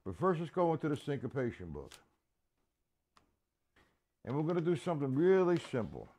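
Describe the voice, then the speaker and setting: A man giving a casual live-stream drum lesson, chatting with viewers by name and counting beats out loud. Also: on the high side, wildly swooping pitch, moderate pace, dull audio. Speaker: drum teacher.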